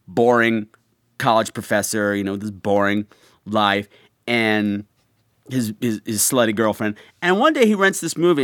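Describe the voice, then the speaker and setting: A man hosting a podcast, telling stories in casual, animated chat with campy asides. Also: mid-range voice, no room sound, clean studio sound. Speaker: podcast host.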